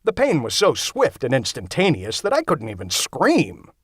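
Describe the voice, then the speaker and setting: Guy narrating a comedy audiobook, wry and chatty, super animated pitch, dead dry studio sound. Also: normal speed, slightly rough, no echo. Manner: wry, conversational storytelling. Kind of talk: scripted first-person narration.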